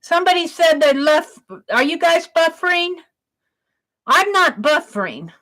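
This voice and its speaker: A woman hosting an art livestream, slowly reading out her viewers' questions one by one and praising them as she writes them down. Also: very high-pitched, lively intonation, fairly bright tone. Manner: slow, reads out each viewer question and praises it.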